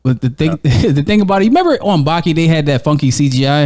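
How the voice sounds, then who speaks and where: Man, fairly high voice, very lively swings in pitch, dry close sound; casual podcast storyteller who swears a lot. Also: fast talker, no echo. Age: adult with a young daughter. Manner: animated storytelling, heavy profanity, laughs often. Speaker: podcast co-host. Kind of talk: casual chat.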